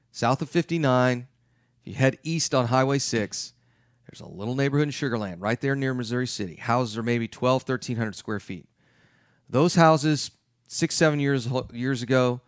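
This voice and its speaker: A middle-aged man giving an emphatic, lively talk as a real estate investment educator. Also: mid-range voice, normal speed, dry recording, clean studio sound. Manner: emphatic, acts out his clients' questions.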